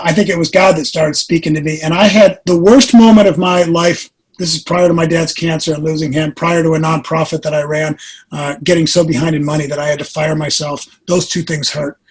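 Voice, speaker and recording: A man in his forties telling a personal story as an interview guest, earnest and animated, laughing at himself at times. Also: fairly high pitch, husky, low-quality recording. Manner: earnest, animated retelling with self-mocking laughs.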